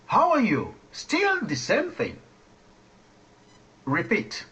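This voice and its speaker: A man hosting a radio lesson, teaching French phrases slowly and coaching listeners to repeat after him. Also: fairly high pitch, wildly swooping pitch, a bit bright. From Nigeria.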